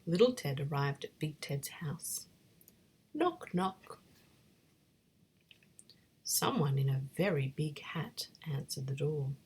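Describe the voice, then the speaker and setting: A woman reading a bedtime story in a soft, breathy whisper. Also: deep voice.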